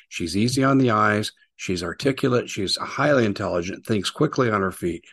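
A man hosts a talk show with a husky, slightly low voice. He delivers his opinion monologue emphatically and mockingly, slowing down to hammer key points. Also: expressive, a bit bright. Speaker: political talk show host.

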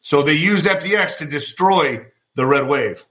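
A man hosting his own political commentary vlog, talking in an animated, profane way and gesturing with his hands as he goes. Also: on the high side, normal speed. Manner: former boxer. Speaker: show host.

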